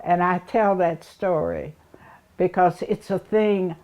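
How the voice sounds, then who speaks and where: A woman's voice: on the low side, slow pace, a little mellow. An older woman from East Tennessee with an Appalachian accent, rambling through childhood memories, chuckling and acting out the people in her stories. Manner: rambling, chuckling, acts out the people she recalls. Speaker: oral history interviewee. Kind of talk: reminiscing storytelling.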